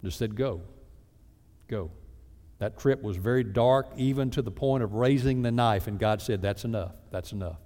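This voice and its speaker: A man preaching a sermon as a pastor, lively and acting out mock prayers in other voices. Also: mid-range voice, moderate pace. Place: church sanctuary. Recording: reverberant church sanctuary.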